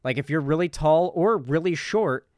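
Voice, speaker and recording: A man riffs through a reaction commentary, loose, swearing freely and openly incredulous. His voice is smooth and resonant, a bit higher than most men's, and it sits dry and close. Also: lively intonation, moderate pace, darkish tone, dry recording. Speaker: political commentary streamer.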